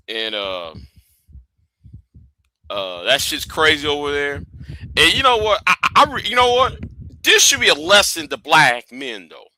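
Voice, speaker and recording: Sharp-voiced, animated male livestream host. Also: on the high side, low-quality recording. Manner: stop-start, repeats words and catchphrases. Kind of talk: casual livestream commentary.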